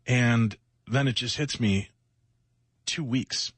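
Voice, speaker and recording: A man's voice: mid-range voice, slow, a bit bright, a little hiss or hum. A middle-aged man co-hosting a late-night radio show, talking in a rambling, reflective way with self-mocking asides while sounding exhausted from lack of sleep. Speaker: radio co-host.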